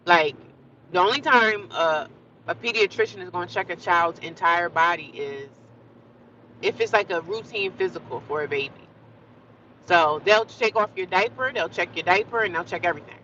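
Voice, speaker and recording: A woman's voice: lowish voice, normal speed, bright, forceful tone, dull audio, slight background noise. A woman vlogging in a casual, rambling monologue, earnest and repetitive, with frequent asides to the viewer.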